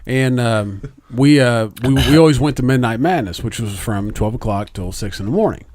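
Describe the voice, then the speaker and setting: A man's voice: medium pitch, normal speed, darkish tone. A man, podcast co-host, telling a long story in casual chat, rambling and swearing a lot.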